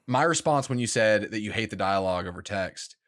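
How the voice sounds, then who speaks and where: A man's voice: fairly low pitch, animated, a little fast, noisy background. A man co-hosting a casual gaming podcast, teasing his co-host dryly and explaining things at length.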